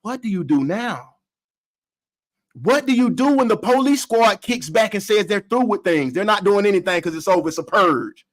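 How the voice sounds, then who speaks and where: A man co-hosting a podcast, giving a loud, preachy mock-trial argument, laughing often. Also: high-pitched, animated, normal speed, rough recording. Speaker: podcast co-host arguing the defense.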